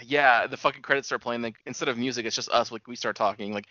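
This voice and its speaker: A man's voice: medium pitch, fast, hardly any pauses, bright, forceful tone, no echo. A young man co-hosting a casual podcast, arguing his point, laughing often and swearing, his voice jumping up when worked up. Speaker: podcast co-host. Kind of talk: casual profane chat. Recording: dull lo-fi sound.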